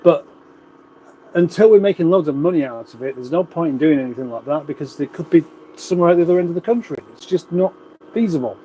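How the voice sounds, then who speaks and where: A man's voice: fairly high pitch, animated, fast, dark tone, slight background noise, rough recording. A middle-aged man from England hosting a casual livestream, rambling on and reading viewer comments aloud. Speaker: livestream host. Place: home room, indoors.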